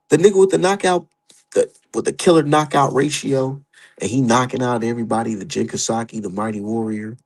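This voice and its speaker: A young man rants in heated, profane, animated commentary as a boxing streamer. His voice is gravelly with a husky edge and sits at an ordinary pitch. He talks casually and gets worked up as he goes. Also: low-quality recording.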